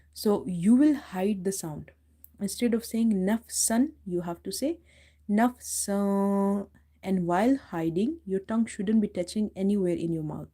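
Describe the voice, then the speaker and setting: A woman teaches Quran recitation in a live-streamed lesson. She breaks each word into its letters, repeats them patiently, and speaks English with small slips. Her voice is mellow and warm, at an ordinary pitch for a woman. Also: husky. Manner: patient, spells out letters slowly and repeats words.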